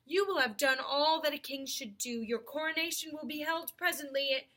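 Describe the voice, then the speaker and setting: Solemn male lion monarch, slow and commanding, put on by a woman reading a storybook. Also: sits high, bright, forceful tone. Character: majestic male lion king, solemn and kind.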